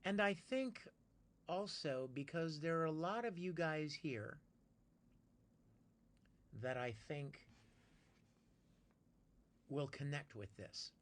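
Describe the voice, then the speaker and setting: A man hosts a casual live stream, chatting with his viewers and answering them by name. His voice sits slightly high for a man and has a bright, forceful edge. He talks in an easy, conversational way. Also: lively intonation, slow, long pauses. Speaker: live streamer reading chat.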